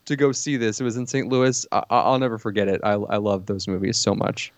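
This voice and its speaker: A man co-hosting a casual movie podcast, enthusiastic and given to repeating himself when excited. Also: on the low side, fast talker, no room sound. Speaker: podcast co-host.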